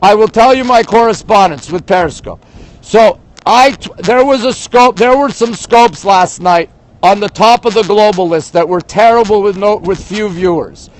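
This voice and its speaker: A man's voice: sits high, normal speed, poor audio. An older man from Montreal ranting in casual chat on a live stream, talking straight to his viewers and reading out their comments. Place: outdoors in a big city at dawn. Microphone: phone.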